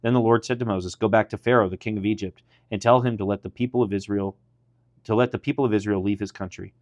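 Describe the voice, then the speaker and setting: Low-voiced pastor reading scripture. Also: male voice, steady tone, fast, a little mellow, dry recording. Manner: reads aloud, lifting his voice for quoted speech.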